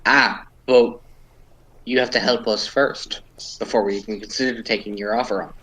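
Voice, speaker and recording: A man's voice: lowish voice, steady tone, moderate pace, crowd noise, low-quality recording. Earnest stammering man at a game table. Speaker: player. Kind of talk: in-character tabletop play.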